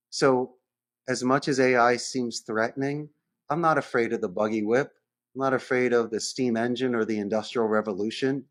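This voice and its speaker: On a podcast, a man who runs a call center speaks as a guest in a relaxed, conversational interview. His voice sits at medium pitch, and he imitates phone calls by switching between voices.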